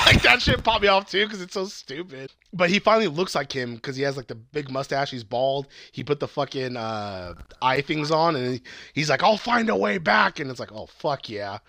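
A man casually recapping a movie plot on a podcast, excited and rambling, swearing often and laughing at the funny parts. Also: medium pitch, normal speed, no echo. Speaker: podcast co-host reviewing movies.

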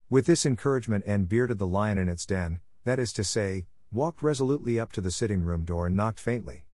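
A man calmly narrating a storybook in a measured way. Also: fairly low pitch, dry recording, clean studio sound. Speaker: audiobook reader.

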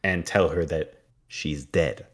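A man's voice: extremely low pitch, takes it slowly. A man co-hosting a casual podcast recap, cutting in with short corrections and missed details. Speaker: podcast co-host. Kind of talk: casual episode recap chat.

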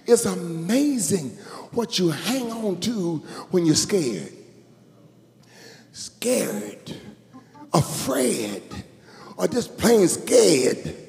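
A man preaching a sermon as bishop, calling to the congregation and rising into sung shouts. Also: high-pitched, big pitch swings, very slow, gravelly, pauses often. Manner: call-and-response preaching, building to sung shouts. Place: church sanctuary. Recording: echoey church hall with music.

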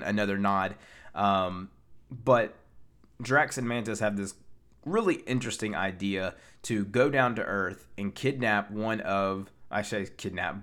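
A man's voice: on the low side, a bit bright, smooth. A man recapping a film in a casual, rambling way, with many fillers and restarts. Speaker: pop culture reviewer.

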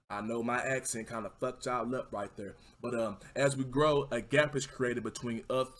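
Male stream host, mid pitch, easygoing motivational chat, warm shout-outs to viewers. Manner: encouraging, keeps asking "you know what I mean"; warmly shouts out viewers by name. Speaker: livestream talk show host.

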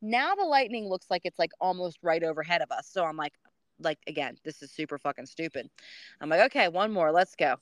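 A woman co-hosting a podcast, telling a story in casual chat, swearing freely and acting out quotes in a high voice. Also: expressive, brisk, no room sound. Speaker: podcast co-host.

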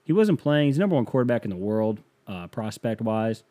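Comedic podcast host, lively up-and-down delivery, rambling and profane. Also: male voice, lowish voice, brisk. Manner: swears often, laughs at own jokes, rambling. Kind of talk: casual comedic monologue.

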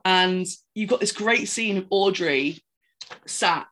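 Brief: woman, podcast co-host, animated rambling film recap, mid pitch. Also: takes it slowly, slight background noise. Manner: animated, rambling retelling with many fillers. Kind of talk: casual chat recapping a film.

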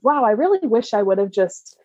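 A woman's voice: a little high, sing-song, a little fast, mellow, no room sound, lo-fi sound. A woman guest candidly telling a personal story, open and emotional, often laughing. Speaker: interview guest.

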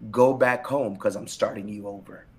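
A man's voice: on the low side, moderate pace. Emphatic middle-aged pastor telling his story. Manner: animated, emphatic storytelling with repeated phrases. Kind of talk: candid interview, personal testimony.

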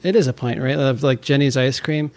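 A man co-hosting a casual chat, talking haltingly with many restarts. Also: medium pitch. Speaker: podcast co-host.

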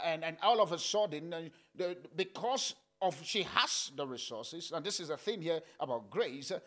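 A man preaching a sermon, swinging between loud calls and soft, low murmurs, with frequent "uh" fillers. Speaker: pastor.

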